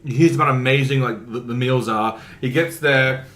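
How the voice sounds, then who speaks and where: A man's voice: medium pitch, moderate pace, a bit bright, roomy sound. A man co-hosting a podcast, chatting casually and spinning playful, rambling stories. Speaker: podcast co-host. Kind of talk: casual chat.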